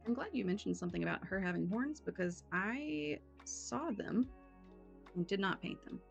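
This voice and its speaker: Gravelly woman painting a mini, joking around, chill chat, faint music behind. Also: medium pitch, animated, moderate pace. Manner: playful, joking. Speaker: miniature painter. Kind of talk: casual chat while painting.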